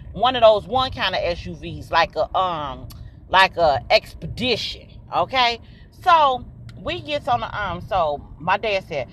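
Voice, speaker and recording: Animated woman host, casual storytelling, lively pitch, faint background noise. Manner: animated, colloquial, talks straight to listeners. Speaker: podcast host.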